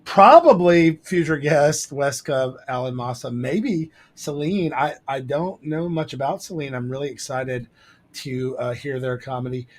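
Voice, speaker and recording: A man co-hosting a podcast in loose, casual chat, his voice sitting at an ordinary middle pitch. He rambles, circling back with ums, uhs and restarts. He is heard over a remote call mic. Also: measured pace. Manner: rambling, lots of fillers and restarts. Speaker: podcast co-host.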